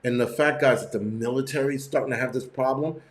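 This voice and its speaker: A man talking casually to his viewers, swearing freely and restarting sentences as he tells his stories. His voice sits at an everyday middle pitch. The sound carries the echo of a bare room. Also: steady tone, fast. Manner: profane, rambling storytelling with many restarts. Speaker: channel host. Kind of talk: casual live-stream rant.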